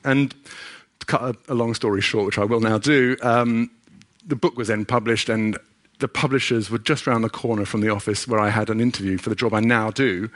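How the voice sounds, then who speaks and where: A man's voice: lowish voice, fairly even intonation, fairly quick, fairly bright tone. A middle-aged man giving a sermon with a personal story, earnest and conversational, often restarting his sentences. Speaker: preacher.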